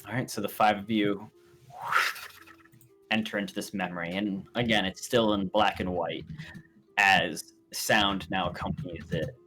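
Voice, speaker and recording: Low-voiced man narrating a tabletop game. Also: steady tone, measured pace, long pauses, bright, forceful tone, faint music behind. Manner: descriptive, hesitant with fillers. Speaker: game master.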